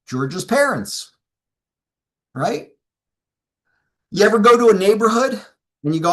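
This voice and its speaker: A man's voice: sits high, big pitch swings, a little slow, pauses often, fairly bright tone. A middle-aged man giving a seminar talk as a sales trainer, telling stories and acting out both sides of client conversations.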